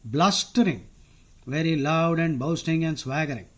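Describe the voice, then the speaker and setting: A man's voice: fairly high pitch, normal speed. A man with an Indian accent teaching vocabulary in a casual, chatty way, wandering into asides and using frequent "uh" fillers. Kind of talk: casual explanatory lesson.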